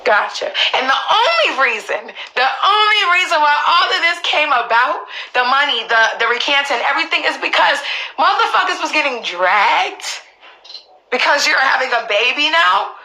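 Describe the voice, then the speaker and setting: Gravelly, bright-voiced woman venting emphatically. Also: high voice, expressive, normal speed, low-quality recording. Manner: emphatic, profane, repeats herself for stress; keeps asking the audience if they understand. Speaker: livestreamer speaking up for her mother. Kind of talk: emotional unscripted live stream monologue.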